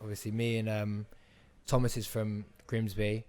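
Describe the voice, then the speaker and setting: A man's voice: on the low side, monotone, moderate pace, crowd noise. Young man, actor guest, casual chat, rambling, many restarts. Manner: rambling, restarts often, acts out quotes.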